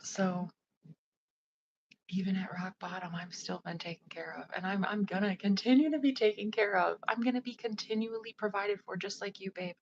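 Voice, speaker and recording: A woman, a psychic medium, talking casually on a livestream in a soft, often half-whispered voice, rambling with lots of fillers. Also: mid-range voice, steady tone, normal speed, dull audio. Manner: loose, rambling with many "like" fillers. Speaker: psychic medium and spiritual advisor.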